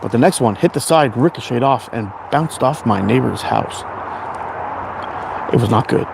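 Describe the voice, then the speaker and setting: A man's voice: medium pitch, lively intonation, normal speed, creaky, background noise. A Canadian man in his forties hosting a casual livestream, rambling and chatting as he answers viewer comments. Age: 40s. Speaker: livestream host.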